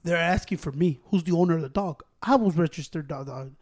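High-voiced man telling a profane story. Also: brisk. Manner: profane, animated, acts out quotes. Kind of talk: casual storytelling among friends.

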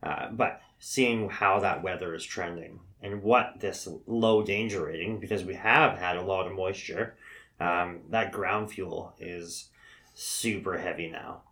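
Male co-host, very deep voice, laid-back and halting. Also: vocal fry, a bit bright. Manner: easygoing, halting with fillers. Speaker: firefighter podcast co-host. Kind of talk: casual chat.

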